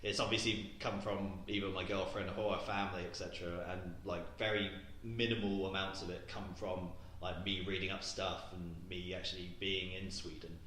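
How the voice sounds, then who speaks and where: A young man with an English accent rambles through casual podcast chat, full of fillers and nervous giggles. His voice is bright and forward, and it rings around a very echoey room. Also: deep voice, level tone, moderate pace, few pauses, slight background noise. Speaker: podcast co-host.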